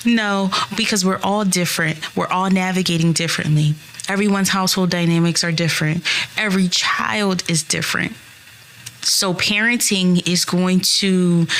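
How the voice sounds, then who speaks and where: A woman's voice: fairly low pitch, fairly bright tone. A woman in her thirties hosting a solo podcast, speaking earnestly and reassuringly straight to her listeners. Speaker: podcast host.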